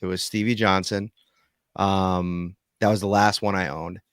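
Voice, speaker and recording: A man's voice: low voice, flat delivery, a little slow, fairly bright tone, clear, resonant tone, no room sound, clean studio sound. A man co-hosting a podcast, asking long, winding questions in casual chat. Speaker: podcast co-host.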